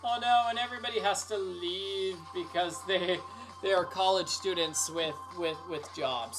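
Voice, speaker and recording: A man's voice: high-pitched, a little slow, music in the background. A man livestreaming a game he made, joking and commenting while he reads the characters' lines aloud. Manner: joking, playful, reads all the characters himself. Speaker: game developer streaming his own game.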